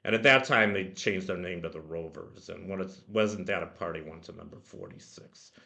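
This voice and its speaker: Low bright-voiced man rambling about a song. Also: normal speed, vocal fry. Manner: rambling, many "you know" fillers. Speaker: music blog host. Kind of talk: casual spoken song commentary. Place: home. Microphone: computer microphone.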